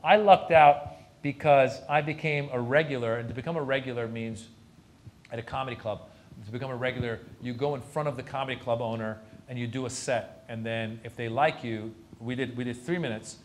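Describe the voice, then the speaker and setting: With a mid-range voice, fairly even intonation, and a slightly quick pace, a male comedian shares stories in a university lecture Q&A. He performs other people's dialogue as he goes, and there's slight background noise.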